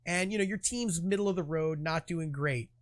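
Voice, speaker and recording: A man co-hosting a casual podcast, talking in an animated, profane way and acting out quoted trash talk. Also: a little high, normal speed. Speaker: podcast co-host. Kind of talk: casual chat.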